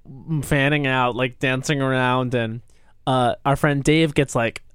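A man co-hosting a casual podcast, telling a lively story and acting out the quotes, laughing often. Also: medium pitch, a little slow, clear, resonant tone, dry recording, clean studio sound.

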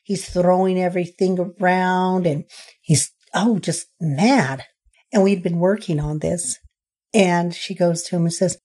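A woman's voice: fairly low pitch, a little slow. A middle-aged woman counselor talking earnestly about parenting in an interview, acting out parents and children as she quotes them. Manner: earnest, animated when quoting parents. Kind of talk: conversational interview.

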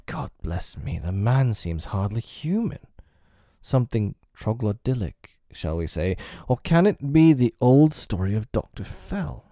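A man's voice: on the low side, big pitch swings, unhurried, warm tone, no room sound, studio quality, voice pushed up. A man reading aloud, voicing an earnest, proper middle-aged lawyer who asks pressing, polite questions. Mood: perplexed.

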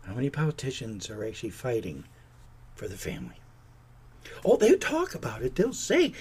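A man's voice: medium pitch, huge pitch swings, normal speed, pauses often, darkish tone, slightly rough. A man hosting a podcast, giving an indignant, sarcastic political rant. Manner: indignant, sarcastic, mocks politicians in put-on voices. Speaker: podcast host.

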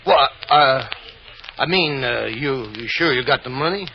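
A sniveling petty crook, stammers and begs, voice jumps all over, muffled old radio with hiss. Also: male voice, medium pitch, lively intonation, measured pace, gravelly. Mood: wary. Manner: stammering, begging. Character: cowardly small-time male crook, whiny and pleading. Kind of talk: 1940s radio acting.

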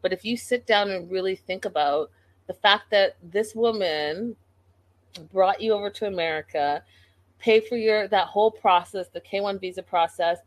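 A woman's voice: mid-range voice, moderate pace. A woman giving a casual commentary recap of a reality show in an exasperated, incredulous way, talking straight to the people on the show.

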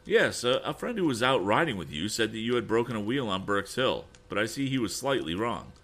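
A man voicing a cheerful, quick-witted young male inventor with an eager way of talking. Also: on the low side, big pitch swings, a bit bright, pitched above the performer's own voice, exaggerated voice.

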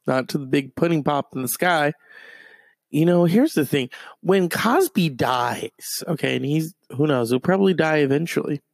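A man's voice: on the high side, lively intonation, normal speed, creaky, dry recording. A man doing a profane, rambling comedic rant that is full of fillers and restarts. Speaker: comedic commentator.

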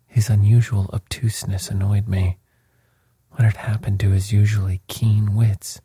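A man narrating a story in a soft, measured whisper. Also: fairly low pitch, monotone, dry recording. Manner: soft, measured, breathy reading.

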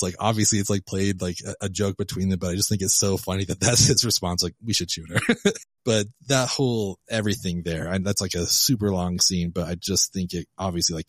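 Deep-voiced man chatting about movies. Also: no room sound, studio quality. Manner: rambling, heavy on filler words. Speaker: guest co-host. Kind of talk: casual podcast film discussion.

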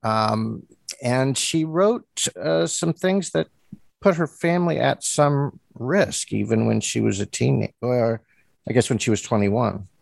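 A man hosting an interview, asking questions hesitantly with many pauses and restarts. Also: mid-range voice, creaky, dry recording. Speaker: interviewer host. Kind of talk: interview conversation.

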